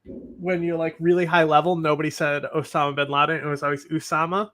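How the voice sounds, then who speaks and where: Host type, man, bright clear voice, casual blunt news commentary, slightly high. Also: flat delivery, quick pace. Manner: opinionated, blunt, rambling. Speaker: livestream host.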